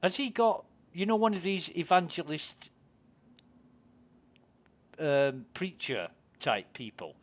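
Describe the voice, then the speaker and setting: A man's voice: fairly high pitch, very animated, takes it slowly, long pauses. Chatty British man streaming a game. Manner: chatty, curious, asks questions. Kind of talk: casual chat while gaming.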